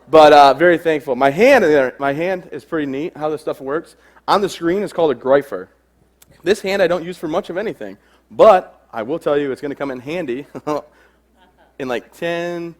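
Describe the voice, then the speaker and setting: A young adult man giving a humorous stage talk to a live audience, telling self-deprecating stories. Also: on the high side. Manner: joking, self-deprecating storyteller. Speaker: keynote speaker.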